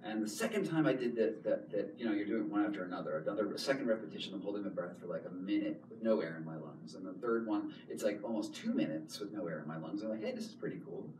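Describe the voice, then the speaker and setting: Man giving a lively talk in an echoey hall. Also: lowish voice, fast, hardly any pauses. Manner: animated, repeats words, laughs often. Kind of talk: storytelling public talk. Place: public hall. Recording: echoey hall, distant mic, noise.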